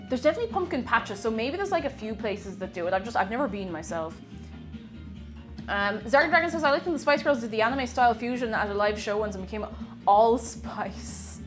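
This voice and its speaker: Young woman from Ireland, streamer. Chatty and giggly, voice slightly high, light music in the background. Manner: chatty, giggly, reads chat aloud. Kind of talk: casual live-stream chat while baking.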